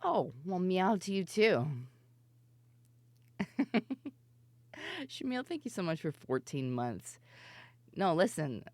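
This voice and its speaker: Casting note: young woman streamer, low voice, giggly and rambling, dry close sound. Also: very animated, slow pace, pauses often, a little mellow, no echo. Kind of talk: casual stream chat.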